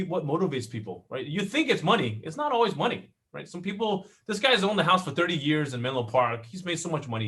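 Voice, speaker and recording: An animated middle-aged male instructor teaches a live online class. His voice is bright and forceful and sits a bit high. He keeps checking in with his audience as he goes. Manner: animated, constantly checking in with "right?". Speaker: real estate class instructor.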